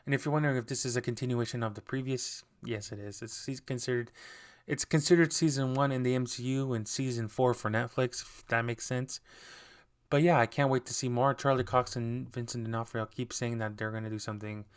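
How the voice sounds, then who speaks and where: A man's voice: mid-range voice, steady tone, brisk, clear, resonant tone. A man hosting a podcast, recapping TV episodes in a loose, rambling way with lots of fillers and restarts. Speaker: podcast host.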